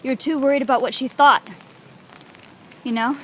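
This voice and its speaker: A woman's voice: high-pitched, steady tone, normal speed, slight background noise, lightly acted, poor audio. A woman playing a stern male voice of judgment. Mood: stern rebuke. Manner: stern, reproachful. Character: stern, deep-voiced divine male judge.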